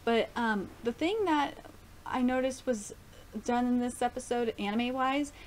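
A young woman casually reviewing an anime episode, gushing and excitable, swearing now and then. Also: a little high, measured pace, slight background noise.

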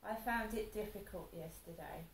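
A woman with a gravelly, creaky voice rambles through a personal story. She sounds upset and vents as she goes, often restarting her sentences. The room echoes around her, with a faint ambient hum behind. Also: mid-range voice, normal speed. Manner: upset, venting, meandering with restarts. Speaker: vlogger.

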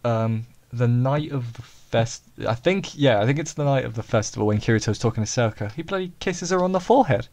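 A man's voice: mid-range voice, a little fast, few pauses, darkish tone. A young man, co-hosting an anime review chat in a joking, banter-filled way. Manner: joking, banters and acts out characters' lines. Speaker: anime review podcast co-host. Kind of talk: casual chat.

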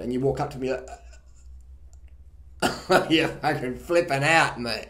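A man giving casual, blunt and profane advice, telling animated stories about his own past. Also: medium pitch, measured pace, pauses often. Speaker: vlogger. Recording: roomy echo.

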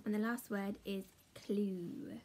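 A woman teaching a children's phonics lesson in a slow, sing-song, encouraging way, chatting with a puppet. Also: medium pitch, fairly even intonation, darkish tone, slight background noise. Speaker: primary school teacher.

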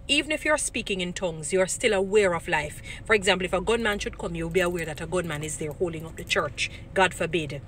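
A woman's voice: fairly high pitch, fairly bright tone, a little hiss or hum. Earnest woman giving Christian commentary. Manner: earnest, grows indignant, repeats herself for emphasis. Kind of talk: casual commentary vlog.

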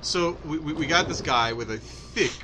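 A man's voice: on the high side, normal speed, noisy background. A young man co-hosting a gaming video, telling a story in a rambling, easygoing way. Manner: rambling, lots of restarts and fillers while telling a story. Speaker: let's play co-host. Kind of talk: casual storytelling chat.

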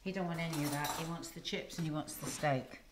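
Woman chatting while she cooks, lowish voice, sizzling pan in the background. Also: fast. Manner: chatty and affectionate, teasing her husband. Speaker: cooking show host. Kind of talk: casual cooking demonstration. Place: home kitchen. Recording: noisy kitchen with sizzling. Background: frying and sizzling.

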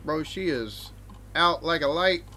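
A man's voice: on the high side, unhurried, bright, forceful tone, a little hiss or hum. An American man reacting to a sitcom episode, talking casually with exclamations and swearing. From United States. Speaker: reaction video host.

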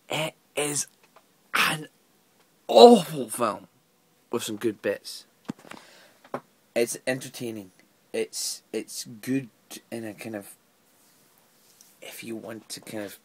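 A man's voice: mid-range voice, husky. A man giving an exasperated, rambling film review full of stammered restarts. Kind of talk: casual video review.

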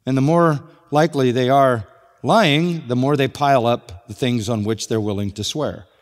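A man's voice: medium pitch, normal speed. A man preaching a sermon, walking through a passage verse by verse with rhetorical questions. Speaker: pastor. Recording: long hall reverb.

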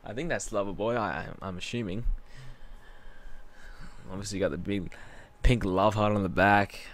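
A man's voice: on the low side, fairly even intonation, normal speed. Guy rambling casually over a wrestling game playthrough, chatty and a bit scattered. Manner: rambling, chatty, self-interrupting. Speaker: gaming channel host.

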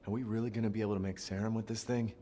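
Actor voicing a low, dark-voiced game hero. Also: male voice, flat delivery, racing, slight background noise, lightly acted. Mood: doubtful. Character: male game hero on a phone call.

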